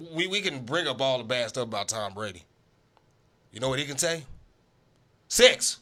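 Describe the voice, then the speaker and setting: A man's voice: medium pitch, expressive, moderate pace, pushed and bright. A man hosting a casual sports talk show, arguing emphatically and repeating himself for emphasis.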